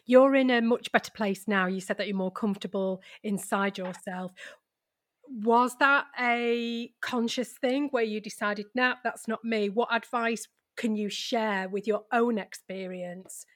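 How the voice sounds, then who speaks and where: A woman hosting an interview, asking gentle and encouraging questions. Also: medium pitch, a little slow. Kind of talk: conversational interview.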